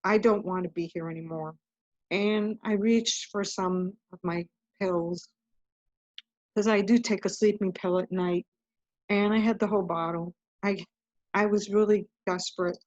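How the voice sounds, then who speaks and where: This guest author's medium-pitched voice has a darkish tone and a measured pace, with no room sound on the dull, muffled lo-fi recording. In a casual interview she shares her story earnestly, rambling and repeatedly breaking off to start again.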